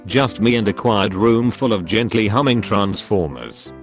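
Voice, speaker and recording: Guy narrating reddit stories, lowish voice, steady read, faint music underneath. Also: measured pace. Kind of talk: scripted narration.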